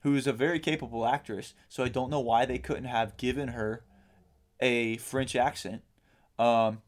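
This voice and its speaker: A man in an easygoing podcast conversation, rambling through his thoughts with plenty of ums and the odd swear word. His voice sits at a middle pitch. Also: fairly even intonation, normal speed. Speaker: podcast co-host. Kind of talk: casual chat.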